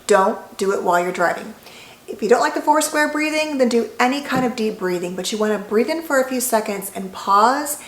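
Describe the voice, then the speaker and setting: A woman psychologist giving an educational talk to camera, calm and gently reassuring. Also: on the high side, fairly quick, echoey room, low-quality recording. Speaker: licensed psychologist.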